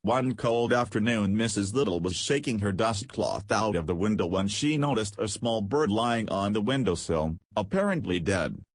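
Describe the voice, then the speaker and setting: Male narrator for a kids' audiobook: low, husky, measured, dry close sound. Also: lively intonation, dry recording. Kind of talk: scripted narration.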